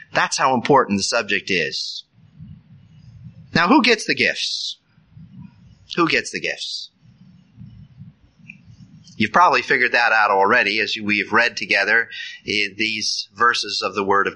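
A man's voice: mid-range voice, bright, forceful tone, low-quality recording. A man preaching a sermon in an earnest, emphatic way, rising sharply on key phrases.

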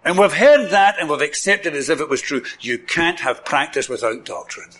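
A man's voice: on the high side, expressive, moderate pace, fairly bright tone. A man with a Scottish accent preaching a sermon, enthusiastic, repeating words for emphasis and chuckling often.

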